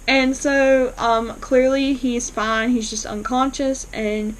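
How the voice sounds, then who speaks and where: A woman's voice: high voice, flat delivery, slow, few pauses, poor audio. A woman casually recapping a TV episode for her channel, retelling the plot in a chatty way with lots of fillers. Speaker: TV episode reviewer.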